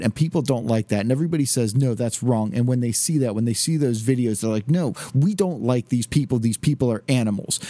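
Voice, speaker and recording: A man's voice: mid-range voice, dark tone, no echo. A man hosting a podcast, ranting combatively and repeating his points. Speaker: podcast host. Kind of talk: opinionated podcast monologue.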